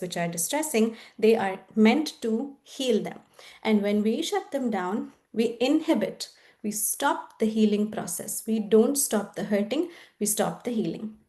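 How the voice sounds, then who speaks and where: A woman with a fairly high voice leads a parenting presentation. She speaks in an engaging way and often asks the audience rhetorical questions. She slips into the voices of parents and children to act out everyday scenes. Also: a little mellow. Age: adult. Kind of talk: educational presentation.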